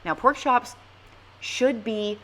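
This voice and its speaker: A woman's voice: a little high, expressive, slow pace, sharp tone. A mom hosting a casual cooking vlog from her home kitchen, chatty and jokey as she walks through family dinners.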